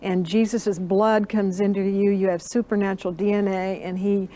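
Older woman guest, earnest storyteller, middle pitch, recalls the conversation line by line. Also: little pitch movement, moderate pace, mellow. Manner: earnest storyteller, acts out quoted dialogue. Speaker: interview guest. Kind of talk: recounting a personal story.

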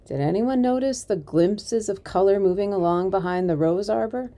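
Expressive woman reading a storybook. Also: medium pitch, moderate pace. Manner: expressive, varied storytelling with soft dips. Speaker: community volunteer reader. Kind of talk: reading a children's novel aloud.

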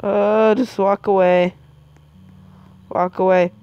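A woman playing a scary maze game, gasping and yelling at the characters on screen. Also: medium pitch, flat delivery, slow pace, clean tone, no room sound, highs cut off. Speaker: gamer. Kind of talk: game commentary.

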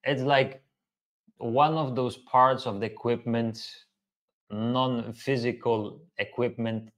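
A man hosting a casual live Q&A, talking earnestly and repeating key phrases for emphasis. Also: mid-range voice. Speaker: host.

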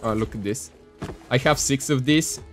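A young man in casual gameplay commentary, excitable and joking, with playful exclamations. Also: mid-range voice, moderate pace, faint music behind. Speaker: gaming youtuber.

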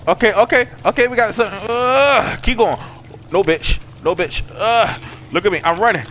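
A man commentating a horror game, excitable and profane, yelling and gasping at each scare. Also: high voice, moderate pace, slight background noise. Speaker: gaming YouTuber. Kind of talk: horror let's play commentary.

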